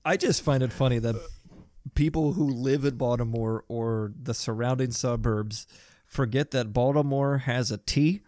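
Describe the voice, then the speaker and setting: A man's voice: medium pitch, unhurried, mellow, dry recording. Laid-back man hosting a gaming podcast. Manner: laid-back, swears casually, joking. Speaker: podcast co-host. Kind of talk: casual podcast chat.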